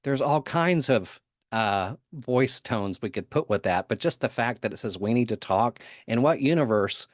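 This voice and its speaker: A man's voice: medium pitch, lively intonation, moderate pace, no room sound, studio quality. A man giving a conference talk in a casual, humorous way, often laughing and putting on voices for quotes. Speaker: conference speaker.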